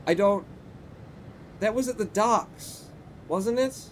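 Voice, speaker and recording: A man's voice: sits high, slow pace, a little hiss or hum. A man streaming a game live, reading its text aloud and making sarcastic asides to his chat. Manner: animated, sarcastic, talks to chat.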